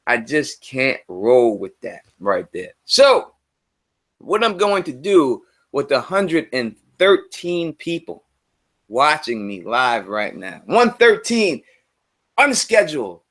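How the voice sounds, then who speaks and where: A man hosting a casual live stream, talking loosely in slang and repeating himself, his voice swinging between loud and quiet. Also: medium pitch, very animated, slow pace. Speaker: livestream host.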